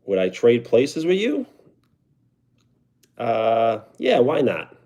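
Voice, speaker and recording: A man's voice: mid-range voice, huge pitch swings, takes it slowly, warm tone. A young man with a New York accent, chatting casually on a live stream and answering viewer comments. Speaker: livestreamer.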